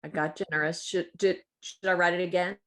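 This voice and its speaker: A woman's voice: fairly low pitch, steady tone, brisk, fairly bright tone. Chatty playful woman on a call. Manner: chatty and playful, thinks aloud. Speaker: participant editing a shared word image. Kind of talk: casual group chat on a video call. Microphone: video call.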